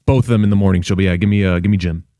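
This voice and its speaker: A man's voice: deep voice, fairly even intonation, very fast, warm tone, no room sound. A man co-hosting a sports radio show in a studio, easygoing as he reasons aloud about his picks. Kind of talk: casual sports talk.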